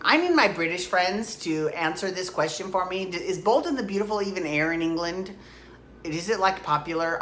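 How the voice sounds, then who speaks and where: A woman with a low voice talks through her recap in a loose, rambling way, piling up asides and rhetorical questions. The room around her is echoey, with a faint hiss underneath. She sounds like she is chatting straight to her regular viewers. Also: a bit bright. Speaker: soap opera recap vlogger. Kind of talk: casual rambling recap monologue.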